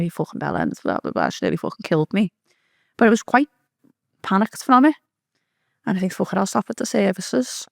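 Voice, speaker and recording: A woman's voice: medium pitch, vocal fry, no echo, clean studio sound. A woman telling a story in a casual chat as a podcast guest, swearing freely and acting out the voices of the people in it. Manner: swearing, animated, acts out quoted speech.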